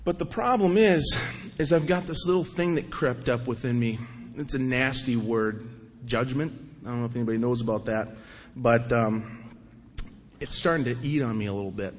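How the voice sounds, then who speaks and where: A middle-aged man sharing his recovery story at a meeting, animated and self-mocking, acting out the voices of people in his story. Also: mid-range voice, moderate pace, slight background noise. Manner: animated storyteller, acts out quotes, self-mocking, repeats himself. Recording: long reverb of a hall.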